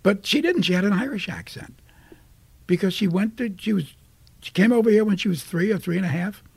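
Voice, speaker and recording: An older man from Brooklyn with a New York accent, a guest telling animated stories in a casual interview. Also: sits high, a little fast, gravelly, slightly rough, no room sound. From Brooklyn, United States. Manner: animated storyteller acting out voices.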